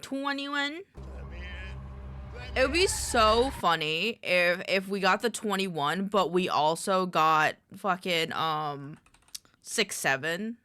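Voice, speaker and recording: A woman's voice: fairly low pitch, expressive, takes it slowly, pushed and bright. A woman streamer in casual live-stream chat at a desk microphone, rambling, muttering lists to herself and greeting her chat.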